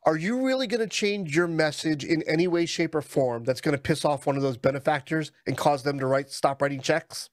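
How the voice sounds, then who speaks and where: Brief: wry ex-minister guest, lightly raised pitch, dry close mic. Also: male voice, brisk, hardly any pauses, dry recording. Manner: animated, wry, conversational. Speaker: podcast guest, former minister. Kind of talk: casual interview chat.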